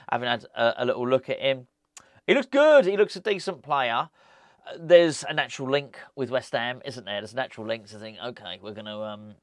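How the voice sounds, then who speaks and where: A man's voice: mid-range voice, no echo, clean studio sound. Chatty man with a rambling vlog delivery. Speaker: football fan vlogger. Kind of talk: casual chat to camera.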